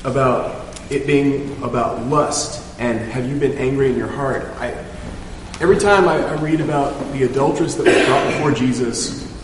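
Man in a study group talking thoughtfully, far from the mic, very echoey hall, noisy. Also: medium pitch. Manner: thoughtful, halting, restarts phrases. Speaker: class member. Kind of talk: reflective group discussion. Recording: distant voice in an echoey hall with background noise.

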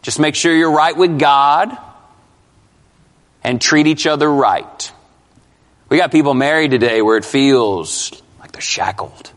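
A man's voice: on the high side, big pitch swings, takes it slowly, long pauses. A male pastor preaching an expository sermon, emphatic and questioning his congregation. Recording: long hall reverb.

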